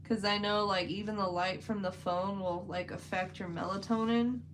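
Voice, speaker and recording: A woman's voice: mid-range voice, fairly even intonation, normal speed, slight background noise, rough recording. Chatty woman streaming. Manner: chatty, rambling, many "like" fillers. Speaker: livestream host. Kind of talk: casual livestream chat while painting.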